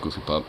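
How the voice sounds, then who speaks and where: A man's voice: fairly low pitch, noisy background. A young man casually reacting to a video while gaming, laughing and swearing in disbelief. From suburban Toronto, Canada. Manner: laughing, incredulous, profane. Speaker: streamer.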